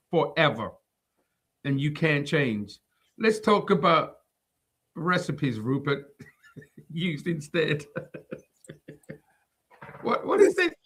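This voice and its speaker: A man's voice: fairly high pitch, sing-song, slow, pauses often, pushed and bright. A man co-hosting a casual faith talk show, laughing often and teasing the others. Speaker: co-host. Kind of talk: casual chat.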